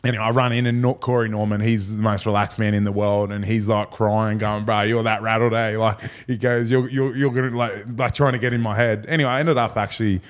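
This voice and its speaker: A man's voice: fairly low pitch, little pitch movement, fairly quick, few pauses. Aussie bloke in his 30s rambling thru a footy yarn, laughs a lot, slangy. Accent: Australian. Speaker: guest, former rugby league player. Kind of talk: casual storytelling chat.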